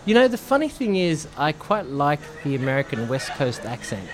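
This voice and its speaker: A man with an Australian accent chatting casually as a podcast guest, relaxed and quick to laugh. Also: on the high side, a little hiss or hum. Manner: relaxed, laughs often, says "you know" a lot. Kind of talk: casual chat.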